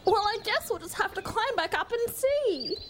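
High, bright mother koala for a storybook, voiced by a woman. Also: animated, normal speed, noisy background. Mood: matter-of-fact. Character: cheerful mother koala, practical.

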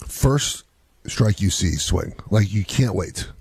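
A man, a youth softball coach and father, chatting casually and retelling stories with laughter. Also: low voice, takes it slowly, creaky, husky, dry recording. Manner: animated storyteller, laughs while retelling. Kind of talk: casual chat.

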